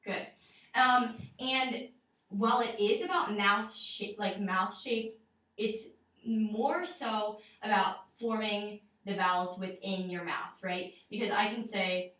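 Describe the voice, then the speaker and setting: A woman's voice: mid-range voice, steady tone, slow, a bit bright. A young woman giving a one-on-one singing lesson, explaining in a casual, chatty way with many fillers. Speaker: voice teacher. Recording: roomy echo, mic far off.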